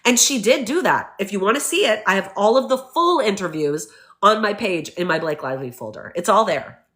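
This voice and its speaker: A woman vlogger giving opinionated casual commentary in an animated, emphatic way, acting out the people she quotes. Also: medium pitch, fairly quick.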